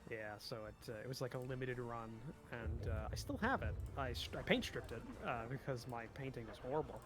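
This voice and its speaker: A man's voice: mid-range voice, fairly quick, over music. A man in casual gaming chat as a guest player, chatty and hesitant, with many fillers and easy laughs.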